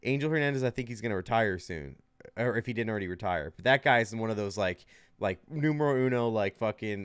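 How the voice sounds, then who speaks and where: A man's voice: mid-range voice, quick pace, smooth, dry recording. A man co-hosting a sports betting podcast, rambling loosely with frequent laughs and swearing. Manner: rambling, laughing often, profane. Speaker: podcast co-host. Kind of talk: casual sports chat.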